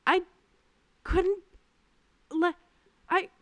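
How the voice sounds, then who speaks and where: A young woman hosting her own podcast, telling work stories in a casual, animated and exasperated way. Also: extremely high pitch, very slow, dry recording. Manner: animated, exasperated, lots of fillers. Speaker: podcast host. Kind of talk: casual storytelling monologue.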